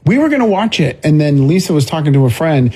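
A man's voice: fairly high pitch, very animated, fast, a little mellow, husky. A man co-hosting a radio show, chatting casually with wry, joking asides. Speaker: radio co-host.

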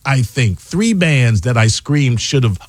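A man's voice: mid-range voice, expressive, a little slow, breathy edge, no room sound. A man hosting a radio interview, talking in an enthusiastic and rambling way with plenty of emphasis. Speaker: radio show host.

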